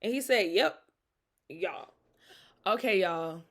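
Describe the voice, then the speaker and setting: A woman hosting a casual storytime, talking straight to her audience, animated and laughing often as she tells it. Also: medium pitch, slow. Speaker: host.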